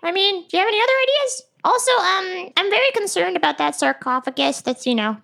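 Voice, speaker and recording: A woman's voice: very high voice, animated, fast, vocal fry, pushed and bright. A woman playing a tabletop game, hesitant and uneasy in her talk. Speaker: player. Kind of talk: casual tabletop play.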